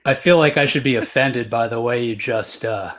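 A man's voice: medium pitch, moderate pace, a bit bright. A man joining a podcast as a guest, joking in a dry, easy way. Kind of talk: casual podcast chat.

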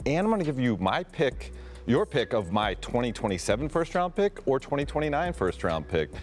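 A man's voice: medium pitch, sing-song, brisk, soft background music, lightly acted. A man improvising as a scheming basketball team general manager on a podcast, with wry, laid-back dealmaking banter. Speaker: basketball reporter. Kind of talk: improvised role-play on a podcast.

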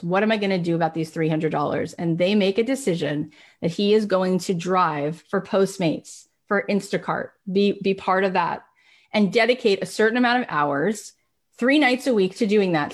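Animated woman telling motivational stories. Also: medium pitch. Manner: animated storyteller, acts out quoted voices. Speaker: podcast host. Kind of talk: motivational talk.

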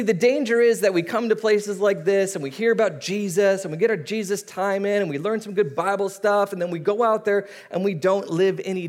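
A man in his thirties preaching a sermon as a pastor, telling stories and acting out voices. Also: high-pitched. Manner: animated storytelling, acting out voices.

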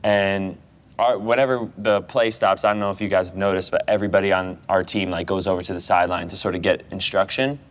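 A man's voice: sits low, fairly even intonation, brisk. Chatty American man telling stories. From United States. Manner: chatty storyteller, laughs often. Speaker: guest goalkeeper. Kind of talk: casual chat.

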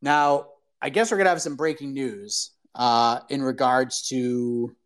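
A man hosting his own fight-sports podcast, talking in a casual, excited, rambling way with slang. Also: mid-range voice, unhurried. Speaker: podcast host. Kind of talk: casual solo show talk.

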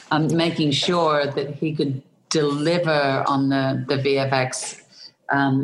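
A woman with an Australian accent, a guest in an interview, telling animated stories and laughing often. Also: extremely low pitch, a little hiss or hum. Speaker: guest actor. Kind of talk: animated anecdotal storytelling.

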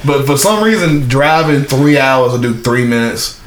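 A man's voice: medium pitch, animated, moderate pace. A young man telling rambling, profane stories in casual podcast chat, with lots of restarts and laughter. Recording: echoey room with faint hiss.

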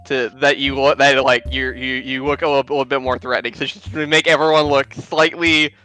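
A man's voice: mid-range voice, flat delivery, a little fast, pushed and bright, faint music behind. Rambling man describing his character's magic. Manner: rambling, restarting sentences. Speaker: player. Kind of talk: tabletop game play.

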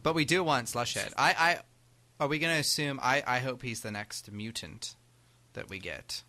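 A man's voice: mid-range voice, normal speed, dry recording. A man co-hosting a casual podcast chat, joking and laughing as he talks. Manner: joking, animated, breaks into laughter. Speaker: podcast co-host.

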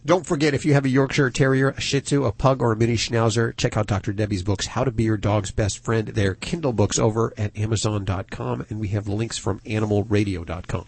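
A man hosting a pet call-in radio show, brisk and joking with callers. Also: on the low side, fairly even intonation, darkish tone, breathy edge, dry recording.

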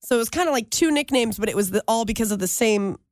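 Higher-voiced woman chatting on a podcast. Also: expressive, quick pace, dry recording. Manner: chatty, laughs often. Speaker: podcast co-host. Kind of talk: casual chat.

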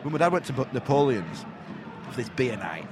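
A man's voice: medium pitch, very animated, brisk, noisy background. A man co-hosting a podcast, playfully telling stories and laughing in casual chat. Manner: playful, storytelling, laughs often. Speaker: podcast co-host. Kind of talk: casual banter.

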